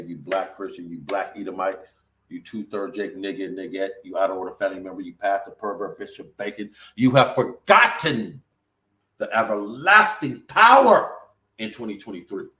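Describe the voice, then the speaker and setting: A man giving an informal scripture sermon in casual slang, swinging between loud emphatic bursts and low mutters and drawing words out slowly. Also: poor audio. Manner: stretches words out slowly for effect. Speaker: preacher.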